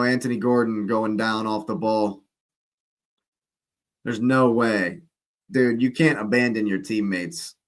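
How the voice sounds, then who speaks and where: A man hosting a football watch-along, calling the play live in a chatty, casual way with exclamations and slangy asides. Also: on the low side. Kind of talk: casual live match commentary.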